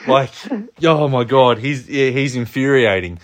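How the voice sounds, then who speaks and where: Man, mid pitch, animated, swearing, casual talk. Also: a little slow. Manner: animated, swearing, many restarts. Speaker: podcast co-host. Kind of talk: casual chat.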